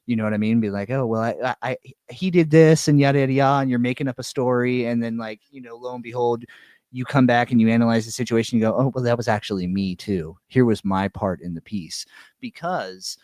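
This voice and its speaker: A man's voice: mid-range voice, steady tone, a little fast, darkish tone, dry recording. A man co-hosting a podcast in a casual chat, laid-back and swearing freely, saying "dude" a lot. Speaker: podcast co-host.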